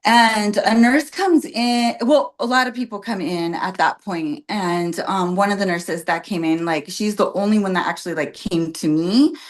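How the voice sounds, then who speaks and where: A woman's voice: medium pitch, normal speed, hardly any pauses. Chatty young woman telling a story. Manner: chatty, many "like" and "um" fillers, acts out quotes. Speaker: podcast guest. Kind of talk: casual storytelling.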